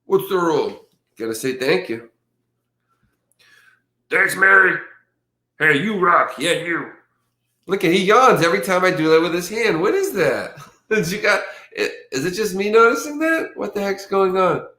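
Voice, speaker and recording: A man's voice: high-pitched, sing-song, moderate pace, fairly bright tone. A man hosting a casual livestream who chats loosely with his audience, reads crime news aloud and stumbles over hard words. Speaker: livestream host. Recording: echoey room.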